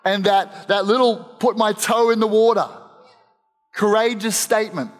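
High-voiced man preaching in a reverberant hall. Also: fairly even intonation, normal speed. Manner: earnest, emphatic, frequent restarts, playful asides. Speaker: pastor. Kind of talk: sermon.

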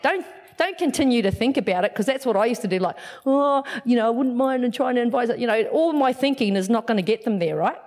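A woman pastor preaching in a lively storytelling way. Her voice sits a little high, and it jumps up and down as she acts out conversations. She sounds chatty, not formal. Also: quick pace. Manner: animated, acts out dialogue with big swings in pitch. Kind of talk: storytelling sermon.

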